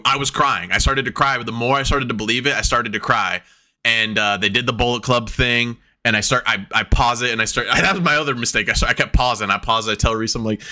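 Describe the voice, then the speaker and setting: Bright-voiced excitable male podcast host. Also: mid-range voice. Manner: excitable, swears freely, acts out reactions. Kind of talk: casual chat.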